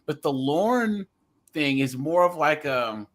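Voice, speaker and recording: A man's voice: on the high side, lively intonation, slow pace. Californian guy hosting a podcast, kinda rambly, lots of ums and laughs. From US West Coast. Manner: rambling, chuckling, many fillers. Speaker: podcast host. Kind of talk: casual podcast chat.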